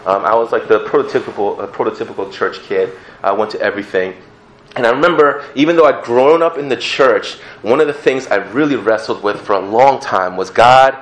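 A young man giving a personal testimony, telling his story in an animated, laughing way that falls to a hushed voice for remembered prayers. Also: mid-range voice, reverberant.

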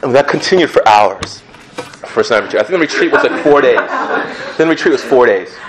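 Young man, testimony talk, lively storyteller who laughs easily and goes hushed for prayers, echoey room. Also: mid-range voice, a little fast, a crowd in the background. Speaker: speaker giving a testimony.

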